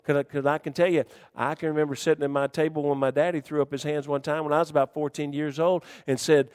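Preacher with a dry, close sound. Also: male voice, on the high side, fairly even intonation, brisk, no echo. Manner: swings from shouting to hushed storytelling; folksy Southern dialect. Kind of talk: sermon.

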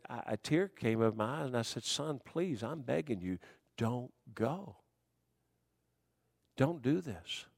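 Preacher with a dry, close sound. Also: male voice, medium pitch, no room sound. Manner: swings from shouting to hushed storytelling; folksy Southern dialect. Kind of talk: sermon.

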